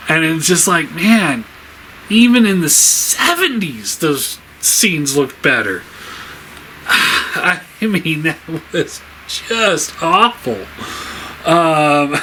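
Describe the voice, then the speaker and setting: Slow, bright-voiced man, ranting casually. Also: medium pitch, slight background noise, poor audio. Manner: laughing, exasperated and rambling with many fillers. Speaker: reviewer. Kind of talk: casual spoken review.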